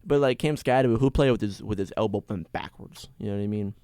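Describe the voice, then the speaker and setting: A man hosting a sports podcast, ranting alone in an excitable, rambling way with many restarts. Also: fairly low pitch, fast talker, clean tone, dry recording. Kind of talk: casual solo sports rant.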